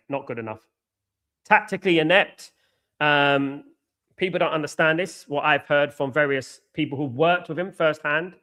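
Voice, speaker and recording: A man's voice: a little high, bright, forceful tone. An English man hosting a live football watchalong, reading out viewer comments and giving blunt, opinionated takes, often repeating himself. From England.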